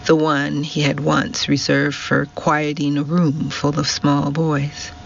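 Slow, gravelly male narrator. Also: a little high, monotone, a bit bright. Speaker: audiobook narrator. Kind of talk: scripted narration. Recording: dull recording with faint hiss.

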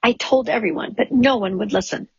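A woman's voice: on the high side, a little fast, creaky, a little mellow, breathy edge, no echo, exaggerated voice. A woman doing a panicky Scottish bodyguard. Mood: anxious grumbling. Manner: fretful complaining patter. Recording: dull lo-fi audiobook recording.

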